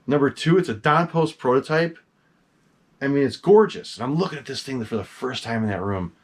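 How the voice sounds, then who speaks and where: Animated man telling a story. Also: mid-range voice, a little fast. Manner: animated, excitable, swears casually. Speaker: collector showing his masks. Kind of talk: casual storytelling to camera.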